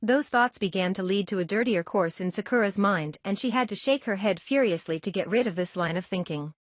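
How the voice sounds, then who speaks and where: A woman reading a fan-fiction story aloud in a steady, even narrating voice. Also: medium pitch, fairly quick, no echo, dull audio. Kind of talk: audiobook-style story narration.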